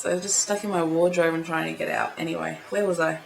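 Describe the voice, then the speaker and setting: An excitable young woman gushes through a casual vlog at home, her low voice slipping into gravelly fry. The room is echoey, with a faint hiss underneath. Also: fast talker, few pauses. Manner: gushing, excitable fan talk with many fillers. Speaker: vlogger. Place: indoors at home.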